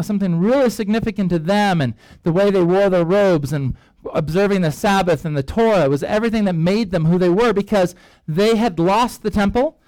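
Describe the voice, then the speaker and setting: Male pastor, high voice, storytelling sermon, chatty asides, dry recording. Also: dry recording, poor audio. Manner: lively storyteller, acts out characters' reactions; rambling with frequent fillers and asides. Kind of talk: sermon-style Bible teaching.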